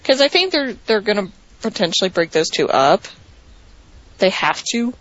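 A woman's voice: mid-range voice, sing-song, moderate pace, a bit bright. A woman co-hosting a podcast, chatting casually with lots of fillers and wry asides. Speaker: podcast co-host. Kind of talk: casual chat. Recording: dry, slightly dull lo-fi sound.

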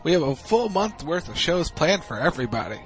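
A man's voice: on the high side, very animated, brisk, soft background music. A man co-hosting a casual online talk radio show, wry and joking about sports. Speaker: co-host. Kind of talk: casual podcast chat.

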